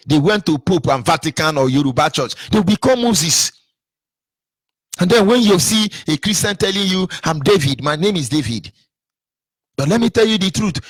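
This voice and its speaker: A man's voice: a little high, fairly bright tone, husky, dry recording. A man with a Nigerian accent delivering an impassioned political monologue, preachy and emphatic, firing off rhetorical questions and repeating himself for effect. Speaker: political commentator.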